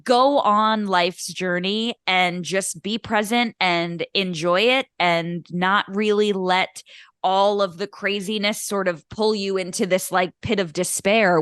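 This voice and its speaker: A woman's voice: mid-range voice, a bit bright, no echo, studio quality. A young woman co-hosting a podcast in casual chat, talking in a gushing, emotional way with many restarts. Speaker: podcast co-host.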